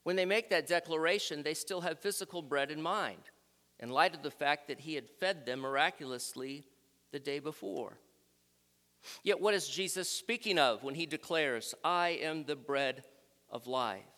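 A man preaching a sermon, reading scripture aloud in a measured, emphatic way. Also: on the high side, bright, forceful tone, big-room sound.

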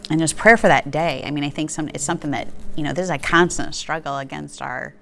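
A woman's voice: low-pitched, fairly even intonation, vocal fry, a bit bright, a little hiss or hum. A woman leading a casual Bible study discussion, reading a question aloud and searching for her words as she talks. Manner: searching, halting phrasing.

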